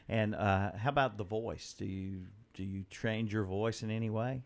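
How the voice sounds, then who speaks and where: A man's voice: on the low side, steady tone, normal speed, a little mellow. A man hosting a community TV interview, asking questions in a folksy way with frequent restarts. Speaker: TV interview host.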